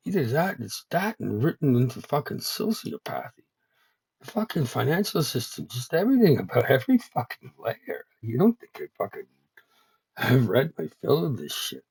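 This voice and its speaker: His mid-range voice is sing-song and gravelly with a breathy edge, at normal speed and with no room sound. Chatting casually on a solo stream about his worldbuilding project, he swears a lot, stammers when agitated, and drops into quiet muttering while working on the computer.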